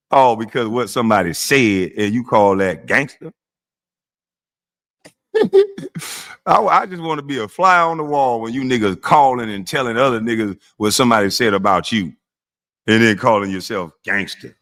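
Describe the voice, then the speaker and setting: Man hosting a live stream, mid-pitched, profane and mocking, blunt delivery. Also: lively intonation, moderate pace, long pauses, fairly bright tone. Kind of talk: ranting monologue on a live stream.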